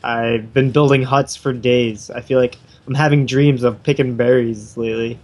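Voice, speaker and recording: A man's voice: mid-range voice, fairly even intonation, moderate pace. A man co-hosting a casual gaming podcast, chatting enthusiastically. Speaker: podcast co-host. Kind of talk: casual chat.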